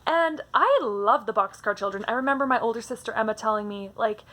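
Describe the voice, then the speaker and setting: Woman, book vlogger, bubbly and hyper, voice sits a bit high. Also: fairly quick, a bit bright. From Canada. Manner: hyper and bubbly, chatty with frequent restarts. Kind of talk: casual book tag vlog.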